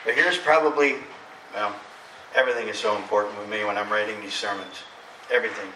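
A middle-aged man preaching a sermon as pastor, emphatic, swinging between loud preaching and soft confiding. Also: on the low side, fairly even intonation, a little fast, recorded from a distance, slight background noise. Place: church sanctuary. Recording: echoey church hall from off-mic.

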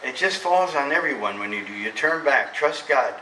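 A middle-aged man preaching a sermon as pastor, emphatic, swinging between loud preaching and soft confiding. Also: mid-range voice, lively intonation, normal speed, far from the mic, a little hiss or hum. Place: church sanctuary. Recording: echoey church hall from off-mic.

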